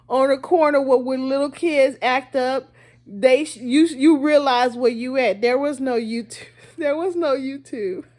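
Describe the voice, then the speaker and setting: A woman's voice: sits high, a little mellow. A woman vlogger chatting casually to her viewers, laughing often and asking them rhetorical questions. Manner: playful, laughs often between lines. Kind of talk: casual monologue to camera.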